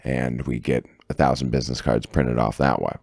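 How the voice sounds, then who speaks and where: Very deep-voiced boisterous man. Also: little pitch movement, normal speed, creaky, darkish tone, no room sound, studio quality. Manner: boisterous, swaggering, swears freely. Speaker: podcast co-host. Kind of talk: casual chat.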